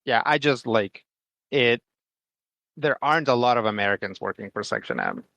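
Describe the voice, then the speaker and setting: A man's voice: medium pitch, huge pitch swings, normal speed, vocal fry, pushed and bright, no echo, highs cut off. A man playing in a tabletop game, talking casually and hedging his words with "like". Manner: hedging, lots of "like". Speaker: player.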